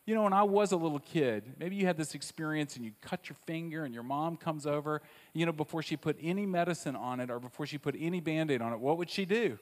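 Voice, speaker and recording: Man, preacher, sermon, dynamic delivery, soft asides then loud repeated lines, voice ringing in a big church. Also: a little high, quick pace. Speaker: pastor. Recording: long reverb of a large hall.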